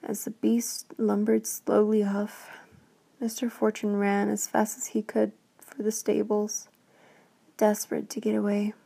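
Woman storyteller, slow hushed half-whisper, gravelly, dark mellow tone, flat delivery. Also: mid-range voice. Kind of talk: whispered bedtime story reading.

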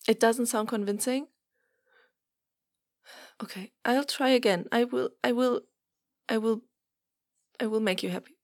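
A woman's voice: a little high, unhurried, long pauses, no echo, studio quality. A woman in a whispered role-play, talking in a pleading, hesitant way that often drops to a whisper. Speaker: audio role-play performer.

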